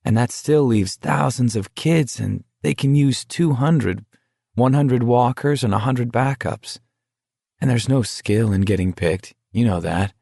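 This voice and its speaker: A man voicing an earnest teenage boy in a deadly walking contest, speaking in a confiding, rambling, quietly hurt way. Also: mid-range voice, unhurried, vocal fry, no echo, clean studio sound.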